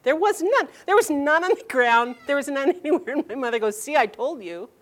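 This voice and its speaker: Animated woman telling a personal story. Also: high voice, a little fast. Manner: animated, laughing, quoting her mother in lively bursts.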